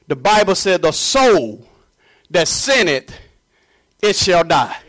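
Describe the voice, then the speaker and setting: A fervent male preacher with a fairly high voice for a man. He swings from booming, shouted declarations down to low, hushed murmurs. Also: big pitch swings, slow pace. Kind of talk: sermon.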